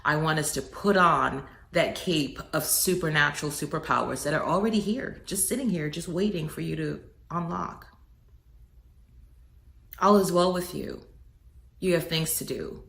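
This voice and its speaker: Low-voiced earnest woman, motivational message. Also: moderate pace, creaky, a bit bright, reverberant. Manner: earnest, preacherly, swells on key words. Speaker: inspirational speaker.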